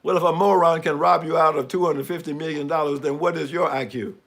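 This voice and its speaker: A man's voice: on the high side, steady tone, brisk, a bit bright. Sarcastic man on a live stream. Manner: sarcastic, mocking, chuckling; asks for the next image as he talks through slides. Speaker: speaker commenting on news images.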